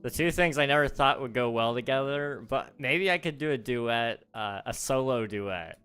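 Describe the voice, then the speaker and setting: A man's voice: mid-range voice, normal speed, a bit bright, smooth, soft background music. A young man hosting a live gaming stream, chatting casually, laughing often and answering his chat aloud. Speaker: livestream host.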